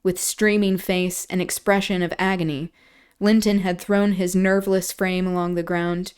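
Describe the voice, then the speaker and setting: A woman hosting a livestream, reading a classic novel aloud in steady narration with casual asides. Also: fairly low pitch, normal speed, smooth. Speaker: streamer and host.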